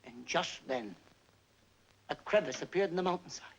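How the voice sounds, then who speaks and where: A man's voice: on the high side, lively intonation, normal speed, creaky, poor audio. An actor playing a self-mocking male entertainer just home from army service, telling a wry story with comic timing in a 1950s film stand-up monologue. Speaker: stage entertainer.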